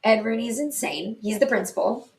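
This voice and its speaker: A woman's voice: fairly high pitch, expressive, moderate pace, a little mellow. A young woman co-hosting a podcast, chatting casually and adding movie trivia. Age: young adult. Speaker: podcast co-host. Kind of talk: casual chat.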